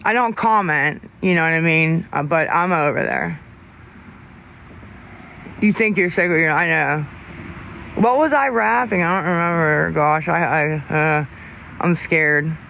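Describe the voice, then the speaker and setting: Guy rambling to his chat on a live stream, kinda high voice, stops and restarts a lot. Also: animated, vocal fry, sharp tone, a little hiss or hum. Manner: rambling and halting, lots of restarts, candid. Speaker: livestreamer talking to viewers. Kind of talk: casual livestream chat.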